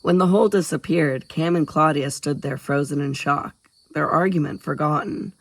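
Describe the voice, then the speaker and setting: A man's voice: mid-range voice, steady tone, moderate pace, no room sound. Guy reading an audiobook, middle voice, super dry close mic. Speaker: audiobook narrator. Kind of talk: scripted narration.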